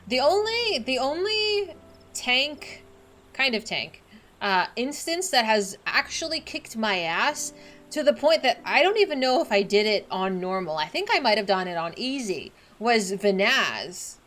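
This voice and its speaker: A woman streaming a game, chatting casually in an excitable, emotional way. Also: mid-range voice, normal speed. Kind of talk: casual gameplay chat.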